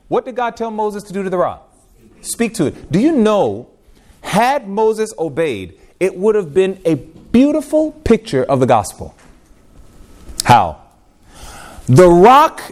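Guy preaching a sermon, kinda high voice, really animated, goes quiet then loud, lots of questions to the crowd. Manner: emphatic, swings from quiet to loud, rhetorical questions.

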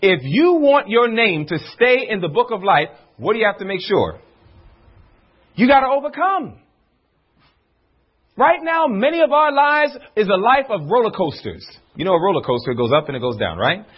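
A man preaching a sermon to a congregation, using rhetorical questions and slowing down on words he stresses. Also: sits high, slightly rough. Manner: animated preaching, rhetorical questions, drawn-out emphasis. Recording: dull lo-fi recording.

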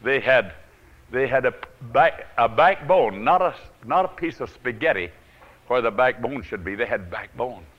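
A male preacher telling a Bible story in a dramatic sermon, swinging from loud to hushed and chuckling often. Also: medium pitch, expressive, moderate pace, muffled recording.

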